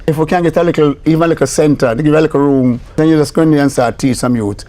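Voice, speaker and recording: An older Jamaican man, a reggae producer, telling stories in a relaxed interview and often laughing. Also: fairly high pitch, fast. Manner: animated storyteller who acts out quoted voices, laughing often. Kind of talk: casual storytelling interview.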